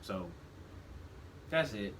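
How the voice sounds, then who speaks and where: A man in his thirties with a low, grounded voice talks through his thoughts in a shop, circling back and restarting sentences as he goes. A steady background noise sits under everything he says. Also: very slow, rough recording. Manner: reflective, restarts often, animated when quoting himself. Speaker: podcast co-host. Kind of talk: casual conversation.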